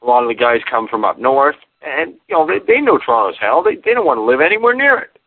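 A man calling in, talking in a rambling, halting way with many fillers. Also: mid-range voice, big pitch swings, slightly rough, dry recording. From Canada. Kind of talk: casual call-in chat. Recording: dry tinny phone line.

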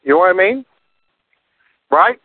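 A man's voice: high voice, expressive, measured pace, breathy edge, no echo. An American man hosting a radio call-in show, asking meandering, chatty questions. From United States. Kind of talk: casual call-in chat. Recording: dry tinny phone-like line.

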